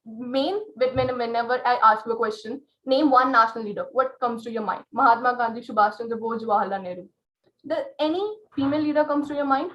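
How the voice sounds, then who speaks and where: A woman's voice: a little high, highs cut off. A girl, giving an earnest open mic speech as a student, full of pointed rhetorical questions and fillers. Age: late teens.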